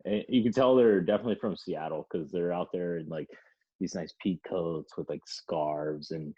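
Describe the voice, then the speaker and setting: Husky man telling a rambling story. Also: low-pitched, normal speed, warm tone, lo-fi sound. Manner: rambling, laughing, swears. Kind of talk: casual storytelling.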